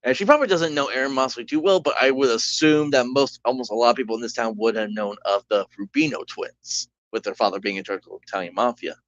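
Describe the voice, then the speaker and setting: A man's voice: medium pitch, quick pace, hardly any pauses, no room sound. A man running a solo tabletop game, narrating casually with rambling, self-correcting speech. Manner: rambling, full of "like" and restarts. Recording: dull lo-fi recording.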